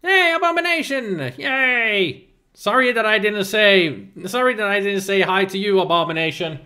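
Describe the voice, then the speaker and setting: Man, livestream host, chatty, fairly high pitch, crisp bright tone. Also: normal speed. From Finland. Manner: chatty, laughs often, restarts words. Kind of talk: casual chat reading a live chat.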